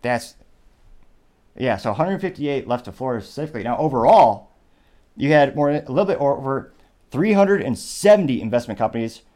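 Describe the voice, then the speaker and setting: A man's voice: medium pitch, animated, a little fast, warm tone. A man hosting a solo political commentary show, talking conversationally with sarcastic asides and frequent digressions. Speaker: host.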